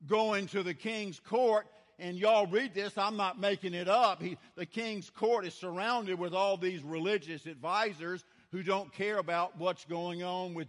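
An older man preaching a sermon, telling stories in a folksy, dramatic way that swings from hushed to loud. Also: high voice. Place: large church. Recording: church hall with long reverb.

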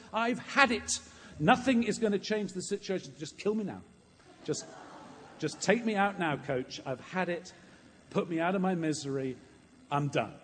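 A preacher playing Moses, a high wailing man. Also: sharp tone, a little hiss or hum. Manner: pleading, wailing complaints. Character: exasperated, worn-out male leader at his wits' end.

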